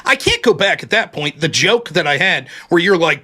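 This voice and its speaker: A strikingly high, bright-toned man argues his side of an online debate from his home streaming setup. His pitch swings widely as he gets defensive. He swears freely and trips over restarts while making his case. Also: big pitch swings. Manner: defensive and profane, fast restarts.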